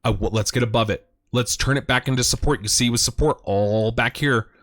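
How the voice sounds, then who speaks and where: A man hosts a crypto chart show, delivering hyped, emphatic commentary that repeats phrases and leaps up in pitch whenever he gets thrilled. He talks a little fast, and the recording is dry with clean studio sound.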